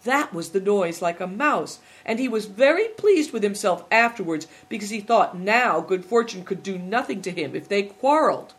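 A reader voicing an excitable, curious young boy who exclaims eagerly, in a storybook reading. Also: mid-range voice, moderate pace, few pauses. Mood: explaining.

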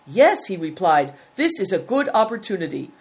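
A woman doing a calm, sly old servant. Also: medium pitch, normal speed, husky. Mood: deferential. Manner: calm, formal, deferential. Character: calm, sly male servant, deferential and wordy.

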